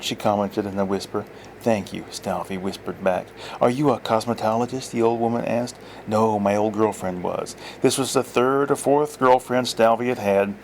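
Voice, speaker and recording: A man reading his own story aloud in first-person narration, giving each character a voice. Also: a little hiss or hum. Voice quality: lively, voices many characters in raised pitch.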